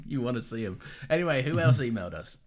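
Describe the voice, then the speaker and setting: A man's voice: medium pitch, lively intonation, brisk. A man chats as a podcast co-host, his voice moving expressively up and down. He is playful and teasing, and laughter comes easily to him. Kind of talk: casual chat.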